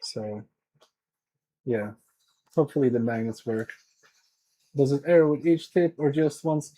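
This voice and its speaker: Man from Sweden, livestream repair host; dark, slightly husky voice, casual, half-talking to himself. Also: mid-range voice, unhurried, poor audio. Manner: chatty, muttering to himself and to chat. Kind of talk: casual live-stream chat while working.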